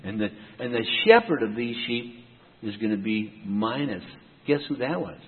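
A man preaching a verse-by-verse Bible sermon, breaking in with rhetorical questions and lively asides. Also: mid-range voice, normal speed, husky. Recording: tinny phone-like sound in a reverberant hall.

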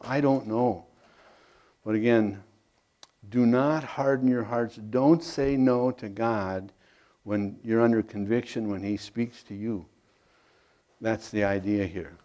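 A man preaching as a pastor, reading scripture aloud and then explaining it in slow, plain words, clearing his throat now and then. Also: mid-range voice, a little mellow. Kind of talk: sermon Bible teaching.

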